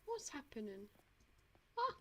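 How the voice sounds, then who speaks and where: A woman's voice: fairly high pitch, big pitch swings, slow pace. A young woman with a Dublin Irish accent chatting casually over a game, rambling with lots of "like" and self-mocking asides. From Ireland. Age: young adult. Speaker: streamer. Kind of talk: casual gameplay chat.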